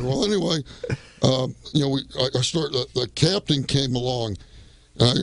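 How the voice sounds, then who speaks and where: A man's voice: mid-range voice, no echo. A man, a guest on a radio business show, telling a long story in a casual, rambling way and often coming back with "well, anyway".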